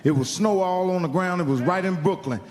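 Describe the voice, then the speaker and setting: High-voiced man doing profane stand-up. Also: brisk. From Indiana, US. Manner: profane, animated, acts out the people in his stories. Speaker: stand-up comedian. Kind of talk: stand-up storytelling. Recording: live hall recording with long reverb.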